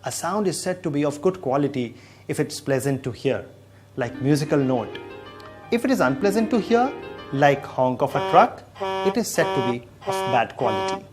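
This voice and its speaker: A man patiently explaining sound waves in a scripted educational dialogue. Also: a little high. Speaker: science explainer.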